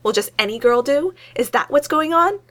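A woman's voice: medium pitch, quick pace, close to an everyday voice. A woman reading aloud voices a blunt, impatient young woman in a storybook scene. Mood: worked up.

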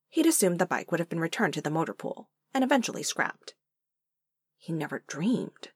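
Expressive female narrator for fiction; husky, animated, dry close sound. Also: low-pitched, normal speed, no echo. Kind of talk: fiction audiobook reading.

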